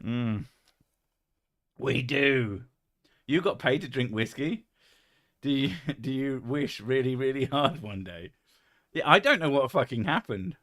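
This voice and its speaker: A man's voice: mid-range voice, lively intonation, unhurried, pauses often, a bit bright. A man with a London accent hosting a casual chat over whisky, blunt, swearing freely and laughing often. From England. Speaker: podcast host.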